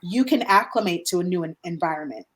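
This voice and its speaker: A woman's voice: on the low side, animated, quick pace. A woman talking on a podcast in an earnest, explaining way, often restarting her sentences. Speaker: podcast guest or co-host. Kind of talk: conversational podcast talk.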